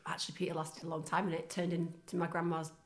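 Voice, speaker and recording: A woman's voice: low-pitched, little pitch movement. A middle-aged woman co-hosting a podcast, telling stories in a chatty way and laughing often. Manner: chatty, storytelling, quick to laugh. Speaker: podcast co-host. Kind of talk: casual chat.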